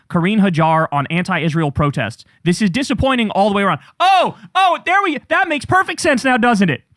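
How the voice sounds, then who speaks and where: A man with a fairly high voice delivers heated, profane political commentary, reading out quoted posts and then tearing into them with sarcasm. The sound is dry and close, with no room echo. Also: a bit bright. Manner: angry, profane, sarcastic ranting; reads quoted posts aloud then reacts.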